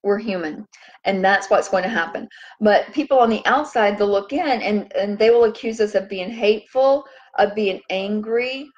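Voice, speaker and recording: A woman hosting a casual spiritual talk, chatty and rambling, who turns animated when she acts out what others say. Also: medium pitch, normal speed, dull audio. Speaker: host.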